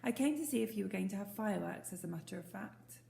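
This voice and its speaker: A woman's voice: medium pitch, expressive, fast, gravelly, warm tone, a little hiss or hum. A woman voicing a small, eager baby barn owl who talks in an earnest, chirpy way. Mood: indignant. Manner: earnest, chirpy, a little indignant. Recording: roomy echo.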